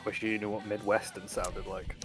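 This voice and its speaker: A man's voice: lowish voice, level tone, moderate pace. A man co-streaming a video game, teasing his partner and laughing often. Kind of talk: casual gaming stream banter. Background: game music.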